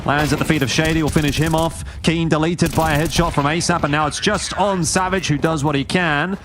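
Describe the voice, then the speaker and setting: Excitable male esports play-by-play caster. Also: brisk, slight background noise. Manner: excitable, pitch jumps on big plays. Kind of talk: play-by-play commentary.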